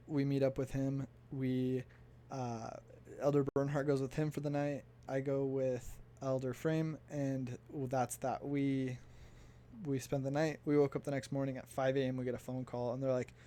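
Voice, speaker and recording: A man's voice: medium pitch, level tone, normal speed, mellow. A young man from the United States casually telling a story for his vlog, chatty and laughing as he recounts. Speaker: vlogger.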